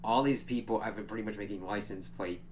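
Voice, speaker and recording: A man's voice: fairly low pitch, steady tone, fast, a little hiss or hum. Casual man recapping a TV episode. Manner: chatty, swears freely, laughs while retelling scenes. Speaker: show reviewer.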